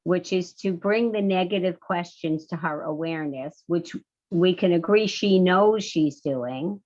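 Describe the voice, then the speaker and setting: A woman moderating a question-and-answer webinar, measured and soft-spoken. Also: on the low side, dull audio.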